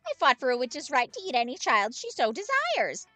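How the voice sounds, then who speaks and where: Cackling Baba Yaga. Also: female voice, sits high, wildly swooping pitch, normal speed, pushed and bright, dry recording, faint music behind, pitched above the performer's own voice, full character voice. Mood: grandiose. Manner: grandiose, archaic, theatrical. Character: cackling old female child-eating witch.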